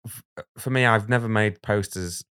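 A man speaking as a guest illustrator in a casual podcast conversation, outspoken and blunt, getting animated when something riles him. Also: lowish voice, normal speed, clear, resonant tone.

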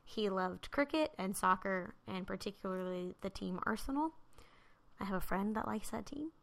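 A woman co-hosting a casual podcast, reading out a case she rewrote herself, with fillers and pauses over hard names. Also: medium pitch, lively intonation, gravelly. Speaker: podcast co-host presenting a case. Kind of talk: casual chat, reading a rewritten article.

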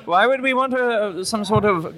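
A man's voice: sits high, normal speed, a bit bright. A man voicing a dry, pedantic male thief from a thieves guild.

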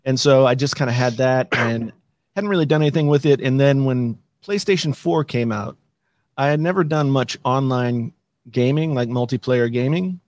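A man's voice: mid-range voice, normal speed, a little mellow, dry recording. A man guesting on a podcast, easygoing and telling his story, repeating words as he thinks. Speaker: podcast guest, YouTube creator. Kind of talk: casual chat.

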